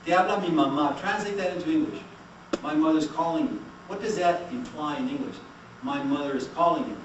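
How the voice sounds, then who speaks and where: Male lecturer, animated and questioning, recorded from afar over steady room noise. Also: on the high side, a little fast, lo-fi sound. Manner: animated, asks the class questions and has them repeat. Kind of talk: classroom language lecture. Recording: echoey room, mic far off, noisy.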